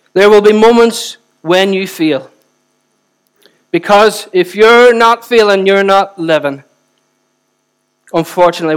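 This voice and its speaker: A man, preaching a sermon with chatty asides and repeated phrases for emphasis. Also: a little high. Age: 40s. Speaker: pastor.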